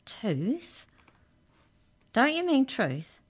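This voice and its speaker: A woman's voice: sits high, sing-song, very slow, husky, pitched above the performer's own voice, full character voice. A woman doing a timid, polite young boy. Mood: puzzled. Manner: anxious, pleading.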